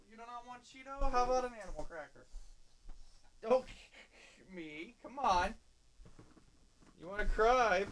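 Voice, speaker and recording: A woman's voice: medium pitch, slight background noise. A woman streamer coaxing and scolding a child at home during a live stream. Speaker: streamer and parent. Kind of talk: casual live-stream talk.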